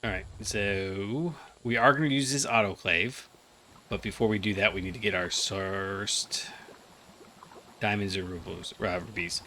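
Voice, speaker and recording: A fairly low, pushed, bright male voice with fairly even intonation drifts unhurriedly through casual game commentary. The host, groggy from a nap, rambles and leans on fillers, with slight background noise behind him.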